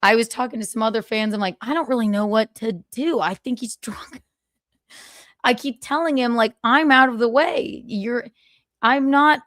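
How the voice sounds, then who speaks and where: A woman's voice: a little high, fairly bright tone, no room sound, clean studio sound. A woman host telling a story in a casual livestream monologue, swearing freely and acting out both sides of the exchange. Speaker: podcast host.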